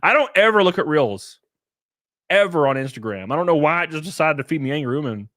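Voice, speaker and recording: A man's voice: on the high side, brisk, no echo, studio quality. A man chatting casually on a live stream, rambling and joking as he reads chat and reacts to clips. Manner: rambling, joking, lively asides.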